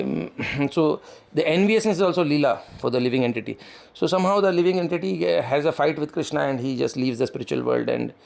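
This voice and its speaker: A man with a gravelly, creaky voice gives a devotional lecture. He talks haltingly and keeps restarting words, with plenty of ums and uhs between phrases. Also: fairly high pitch, a little mellow. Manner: halting, with many restarts and fillers. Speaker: spiritual teacher.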